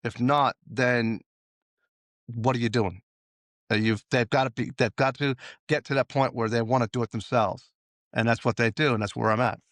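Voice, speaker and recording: A man's voice: medium pitch, steady tone, moderate pace, a bit bright, no echo. A man as a safety consultant guest, talking casually in an interview and telling stories with acted-out dialogue. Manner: storytelling, acts out quoted dialogue.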